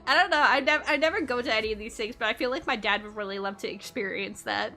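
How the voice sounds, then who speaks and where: A woman's voice: on the high side, fast talker, bright, forceful tone, soft background music. A woman from Canada chatting casually on a livestream, bubbly and giggly, rambling and laughing often. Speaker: streamer.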